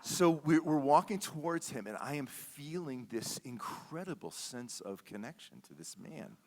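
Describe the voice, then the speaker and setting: A man with a higher, slightly mellow voice preaches expressively at a moderate pace as a guest in a church sanctuary. He shares a personal story conversationally, repeating words and frequently checking in with "okay?"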